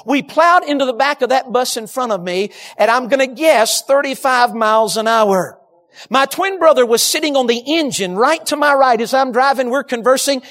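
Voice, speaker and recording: A man's voice: very high voice, normal speed, a bit bright. Male preacher at a church platform, emphatic sermon delivery, storytelling. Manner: storytelling, emphatic, addresses congregation.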